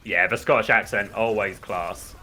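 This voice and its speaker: Bright-voiced chatty British man commentating. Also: on the low side, normal speed. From United Kingdom. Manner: chatty and rambling, with excited bursts on plays. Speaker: esports commentator. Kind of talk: casual live game commentary.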